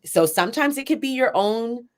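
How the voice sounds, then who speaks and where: A woman who writes spoken word poetry and runs poetry events, talking candidly and a little rambling in an interview, with fillers and soft laughs. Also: fairly high pitch, expressive, moderate pace, a little hiss or hum. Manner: self-described shy. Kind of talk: reflective interview conversation.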